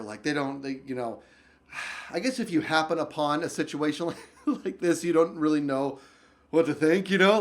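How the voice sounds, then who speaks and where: A young man telling a story on his vlog, very animated, swinging from loud outbursts to low mutters and rambling with lots of restarts. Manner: rambling, full of likes and restarts. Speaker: YouTube storyteller.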